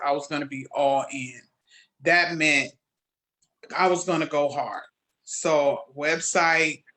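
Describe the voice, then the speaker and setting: Bright-voiced woman telling her story. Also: low-pitched. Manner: animated storyteller, acts out quoted exchanges. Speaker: jewelry maker, guest. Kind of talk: conversational interview.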